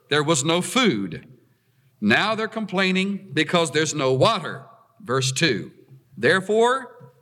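A male preacher delivering a sermon at an unhurried pace, his voice swooping up and down with animated emphasis. He reads passages aloud, then explains them, often pushing his pitch high on key words. A long reverb trails his voice as if in a large hall.

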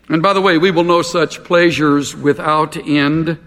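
A man's voice: a little high, steady tone, a little slow, few pauses, a bit bright. Earnest male preacher in a reverberant hall. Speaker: pastor. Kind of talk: sermon.

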